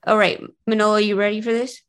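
A woman's voice: medium pitch, little pitch movement, fast, clear, resonant tone. A woman hosting a comedy call-in game show, bantering playfully with callers and her co-host. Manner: chatty, giggly, plays a pushy reporter.

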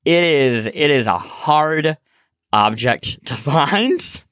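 Guy hosting a podcast with a sore throat, lively, laughs a lot, trips over his words, dry close mic. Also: fairly high pitch, slow, no room sound. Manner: animated, laughing, restarts a lot. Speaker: podcast host. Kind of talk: casual podcast chat.

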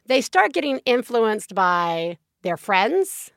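Brief: woman in her thirties, parenting podcast co-host, slightly high voice, dry close sound, animated and profane. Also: takes it slowly, vocal fry, no echo. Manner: animated storytelling, acts out quotes, swears freely. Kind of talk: casual chat.

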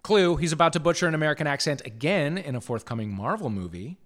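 A man's voice: fairly high pitch, animated, quick pace, a bit bright. A man hosting a live comedy quiz podcast on stage, mocking and playful, with frequent swearing. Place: theatre stage before a live audience. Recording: live show with audience behind.

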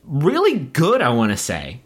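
A man's voice: measured pace, slightly rough. Guy from appalachia telling stories on a podcast, voice swinging way up and down, swears a lot. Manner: animated storytelling, swearing, jumping up in pitch for quotes. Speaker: podcast host. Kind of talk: casual comedic chat.

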